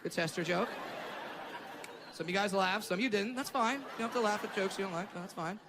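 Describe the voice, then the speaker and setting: Brash stand-up man, very high voice, profane and shouty; live stage with audience noise. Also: fast, big-room sound, crowd noise. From Southern California. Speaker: stand-up comedian. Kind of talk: stand-up set. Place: comedy stage before a laughing audience.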